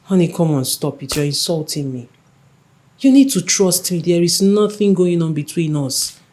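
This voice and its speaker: An actress playing a young princess who soothes and coaxes her jealous lover, in a film scene with soft music under it. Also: lowish voice, animated, moderate pace, close to an everyday voice. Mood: pleading. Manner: soothing, coaxing. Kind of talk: Nollywood film acting.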